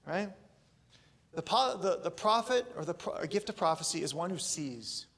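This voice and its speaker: A man, preaching a sermon in a casual, joking, animated way. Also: high-pitched, normal speed. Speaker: pastor.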